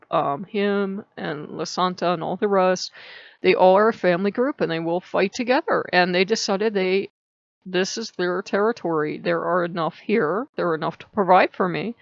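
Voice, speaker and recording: A middle-aged woman talks in a loose, rambling vlog, her words wandering from one thought to the next. Her voice has a gravelly fry, and her pitch often leaps up mid-sentence. The recording is dull and dry, with no room sound. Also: dry recording. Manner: rambling, chatty, with sudden rises in pitch. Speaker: vlogger. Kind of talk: casual spiritual vlog chat.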